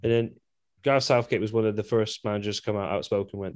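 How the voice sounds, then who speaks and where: A man co-hosting a casual football podcast, opinionated and animated, with quick asides. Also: on the low side. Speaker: podcast co-host.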